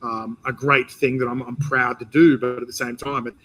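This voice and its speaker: A man with an Australian accent hosting a casual interview, talking in a rambling, animated way with many restarts. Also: mid-range voice, moderate pace, a little hiss or hum, low-quality recording. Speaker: interview host and competition organizer. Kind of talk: casual interview chat, live stream.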